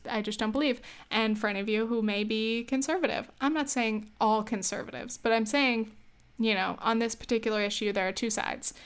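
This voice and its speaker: A young woman talks through her opinions in a loose, chatty way, often laughing at herself and restarting her sentences. Her voice sits a little high and sounds smooth and clear. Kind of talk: casual opinion monologue.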